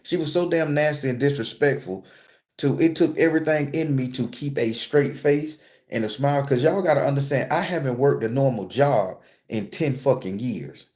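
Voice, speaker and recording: A man's voice: medium pitch, moderate pace, a little mellow. A man vlogging a casual story as a blunt, profane and emphatic rant.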